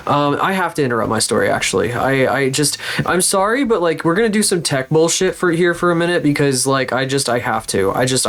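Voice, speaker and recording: A man streaming live as a VTuber, rambling and cursing in frustration while still recovering from being sick. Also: medium pitch. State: recovering from illness. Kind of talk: casual live-stream chat.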